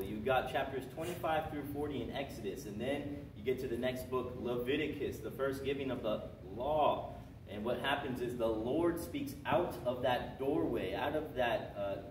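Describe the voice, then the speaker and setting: Man teaching a church class, echoey room. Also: medium pitch. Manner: reads scripture slowly, chatty and coaxing with the class. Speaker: Sunday school teacher. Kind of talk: Bible quiz lesson. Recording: roomy echo, distant mic, noisy.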